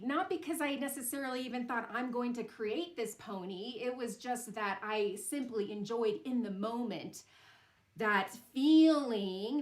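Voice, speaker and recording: A woman's voice: on the high side, roomy sound. A woman hosting a sound bath ceremony, telling a personal story in a casual spiritual talk, often laughing and using fillers.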